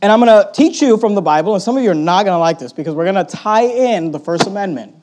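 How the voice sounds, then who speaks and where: High-voiced, fiery male pastor preaching. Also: quick pace. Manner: animated preaching with sharp swings between loud emphatic bursts and quiet asides; sarcastic, mocking quoted opponents in put-on voices. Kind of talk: sermon.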